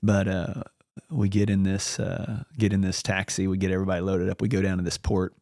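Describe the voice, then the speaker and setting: A man's voice: deep voice, completely flat delivery, fairly quick, a little mellow, dry recording, clean studio sound. A man as a podcast guest, telling a long story in a casual, rambling way and acting out the lines of the people in it. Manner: rambling anecdotal, acts out quoted dialogue.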